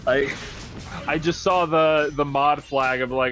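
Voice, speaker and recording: A man chatting casually as a streamer while playing a game, laughing often and answering with quick agreements. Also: on the high side, steady tone, a bit bright, faint music behind. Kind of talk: casual chat while gaming.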